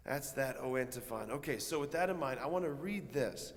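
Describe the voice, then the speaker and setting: A male priest gives a homily in a long-echoing church, chatting easily with the congregation. He uses a mid-range voice and swells into loud, stretched-out emphasis on key phrases. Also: mid-range voice, lively intonation, fairly quick, hardly any pauses. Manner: conversational, asks the congregation questions. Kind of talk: sermon.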